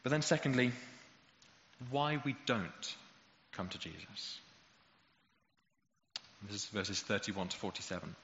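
Preacher in an echoey hall. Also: male voice, fairly low pitch, animated, unhurried, long pauses, fairly bright tone, slight background noise. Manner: emphatic, rhetorical, builds to passionate peaks. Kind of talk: sermon. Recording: dull echoey hall recording.

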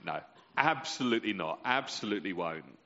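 A man preaching with passion, his voice leaping high and dropping low as he builds and releases each point. His words ring out with a long reverb through a large church hall. The sound is slightly muffled. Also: lively intonation, a little fast, vocal fry, pushed and bright. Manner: impassioned, with sweeping rises and drops in pitch and volume. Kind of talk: sermon.

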